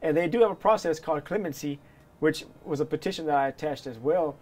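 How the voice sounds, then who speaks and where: A man's voice: a little high, fast talker, darkish tone. A man being interviewed for a documentary, telling a personal story in an earnest, hesitant way with many restarts.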